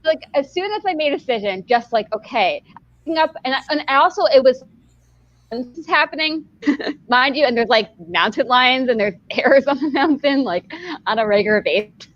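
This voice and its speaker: Woman podcast host, casual rambling story, lots of "like", slightly high voice, lo-fi sound. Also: expressive, fairly quick, fairly bright tone, no echo. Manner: rambling, full of "like" and laughter.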